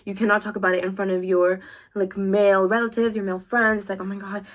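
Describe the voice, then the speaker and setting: A young woman co-hosting a casual chat podcast, telling stories in an animated way and acting out the dialogue. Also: mid-range voice, fast talker. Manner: animated storyteller, acts out dialogue. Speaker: podcast co-host.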